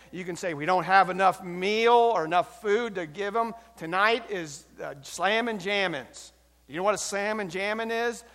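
A man's voice: high-pitched, fairly bright tone. A man preaching a sermon as the pastor of a church, with emphatic delivery that swells and drops in volume. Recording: long hall reverb.

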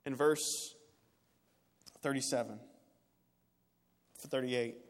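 A man preaching a sermon in an earnest way, rising to emphatic peaks and dropping quiet again. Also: mid-range voice, fairly even intonation, slow. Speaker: pastor. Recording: long reverb of a large hall.

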